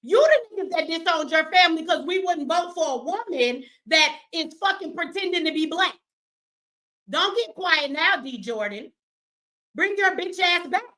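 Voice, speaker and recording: A woman running a live stream, confrontational and profane, swinging between yelling at viewers and slow, emphatic explaining. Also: very high voice, lively intonation. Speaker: livestreamer answering her chat; business owner.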